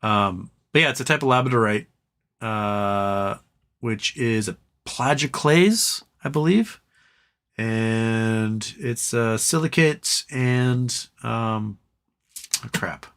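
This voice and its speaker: A man's voice: mid-range voice, takes it slowly, fairly bright tone, smooth. A man hosting a live stream in casual chat, rambling between topics and reading chat aloud, his voice tiring. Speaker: livestream host.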